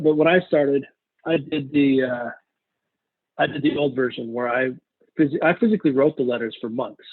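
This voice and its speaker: A man's voice: medium pitch, breathy edge, no room sound. A man teaching real estate investing in a live online seminar. He talks casually and rambles, often stopping to correct himself. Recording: tinny phone-like dry audio.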